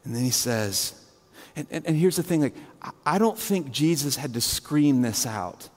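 Guy pastor preaching, talks casual with lots of fillers, goes hushed then loud, big echoey church. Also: animated, normal speed. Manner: conversational, imaginative storytelling with many fillers; swings between hushed low and raised high delivery. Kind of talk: sermon.

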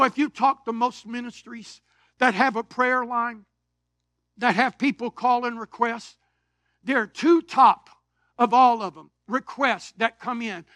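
Man, preacher, very high bright voice, dry close sound, lively sermon storytelling. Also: no room sound. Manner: animated storytelling preacher, swings between shouts and quiet asides. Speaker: pastor. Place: church sanctuary.

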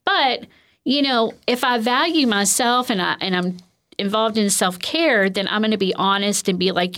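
A woman's voice: medium pitch, moderate pace, a bit bright. A woman counselor explaining communication skills in a conversational way, with frequent "um" and "you know". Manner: conversational, filler-heavy, with lots of "um" and "you know". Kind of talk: explanatory interview talk.

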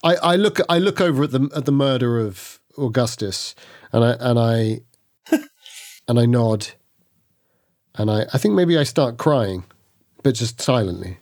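A man playing a tabletop horror game, describing his character in a halting, stammering first-person way. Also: medium pitch, lively intonation, a little mellow. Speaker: player.

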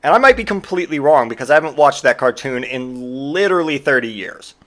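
A man's voice: medium pitch, animated, a little fast, fairly bright tone. A man in his forties hosting a podcast, delivering a sarcastic, profane comedic rant in casual monologue. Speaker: podcast host.

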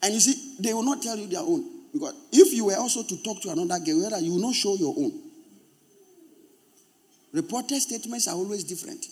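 High husky Ghanaian pastor preaching. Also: male voice, a little fast. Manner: animated preaching, addressing the congregation directly. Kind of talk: sermon.

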